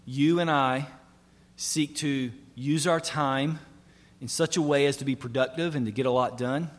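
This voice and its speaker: Earnest preacher in a reverberant hall. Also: male voice, on the high side. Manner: earnest preaching with rising emphasis and repetition. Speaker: pastor. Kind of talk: sermon.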